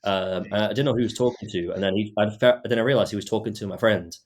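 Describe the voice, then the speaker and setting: Casting: young male podcast host, low-pitched voice, halting casual storytelling, lots of "um". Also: fairly even intonation. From Britain and Australia. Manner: hesitant, many fillers and restarts.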